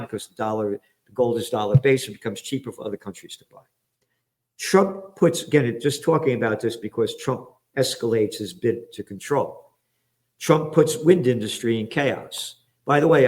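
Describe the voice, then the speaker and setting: A man from the Bronx, hosting a profane, combative current-affairs commentary. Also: mid-range voice. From the Bronx, New York. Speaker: trends forecaster and show host.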